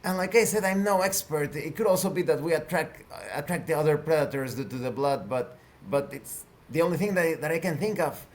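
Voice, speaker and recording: A woman's voice: sits low, brisk, few pauses, a little mellow, slight background noise, lightly acted. A man voicing a nervous woman who stammers and hesitates as she speaks. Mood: hesitant.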